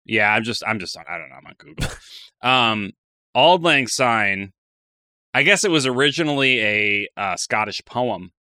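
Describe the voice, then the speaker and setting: A man's voice: fairly low pitch, lively intonation, a little slow, sharp tone, smooth, no room sound, studio quality. A man co-hosting a casual chat, cracking crude jokes and swearing freely. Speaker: podcast co-host.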